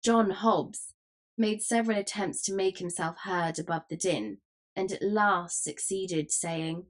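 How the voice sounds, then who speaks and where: Woman narrating a classic novel. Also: lowish voice. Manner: measured, storytelling. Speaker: audiobook narrator. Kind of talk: scripted narration.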